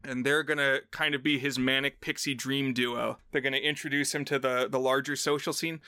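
A man co-hosting a podcast, chatting casually about films, playful and quick to mimic accents in short bits. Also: medium pitch, level tone, bright, forceful tone, clean tone, dry recording, clean studio sound. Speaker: podcast co-host. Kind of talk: casual chat.

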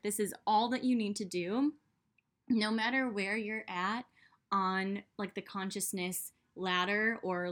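A young woman talks straight to her listeners about personal growth in an easy, rambling way. Her speech is full of "like" and quick restarts. Her pitch sits in the ordinary middle range for a woman. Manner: chatty, many "like" fillers. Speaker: self-development podcaster. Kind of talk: casual monologue.

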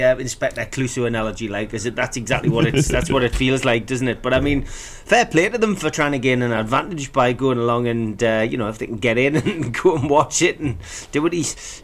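A male co-host on a football chat show, talking in a measured, hesitant way. He often restarts his sentences while weighing up a point in relaxed conversation. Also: medium pitch. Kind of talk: casual podcast chat.

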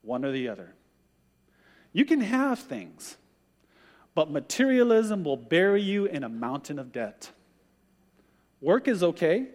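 Male pastor, sermon; higher voice, acts out quotes with animation; long room reverb. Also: very animated, a little slow, pauses often, a little mellow.

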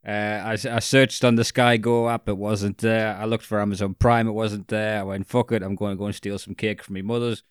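A man's voice: on the low side, level tone, a little fast, hardly any pauses, clear, resonant tone, no room sound, clean studio sound. A man co-hosting a podcast, telling rambling stories in casual chat and laughing through them. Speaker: podcast co-host.

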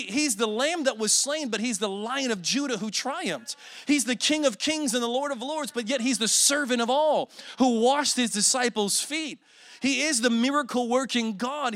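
A man's voice: extremely high pitch, a bit bright, dry recording. A man in his forties preaching a sermon as a guest speaker, telling emotional stories with self-deprecating humor.

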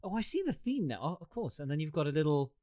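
A man's voice: fairly high pitch, sing-song, a little mellow. A man hosting a podcast over a video call, chatting casually and rambling with jokes. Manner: chatty, rambling, quick to joke. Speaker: podcast host. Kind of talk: casual chat.

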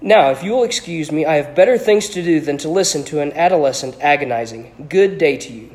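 A man reads aloud as a sly, haughty ghostly professor trapped in a painting, drawling smoothly and lazily with open condescension. His voice sits a little high and he lectures the boy with scorn, all in a storybook reading. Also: expressive, brisk, darkish tone, natural voice. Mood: dismissive. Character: sly, haughty dead male professor in a portrait.

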